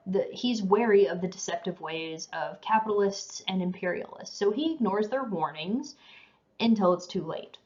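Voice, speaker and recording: A woman's voice: mid-range voice, normal speed. A woman giving a history lecture in a casual, conversational way, tired and yawning now and then. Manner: casual, conversational, says you know and um. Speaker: teacher. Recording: dull lo-fi recording.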